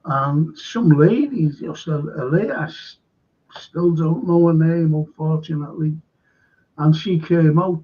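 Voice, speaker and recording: A man with a Liverpool (Scouse) accent, from Liverpool, England, works as a local historian and tells rambling anecdotes in a casual chat, full of fillers and restarts. His voice sits on the high side, unhurried, husky and dark in tone. The recording sounds dull and lo-fi.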